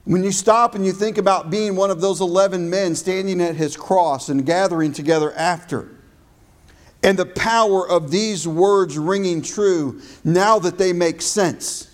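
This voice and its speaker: A male pastor preaching a sermon, stressing key phrases emphatically and slowing down on them. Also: high-pitched.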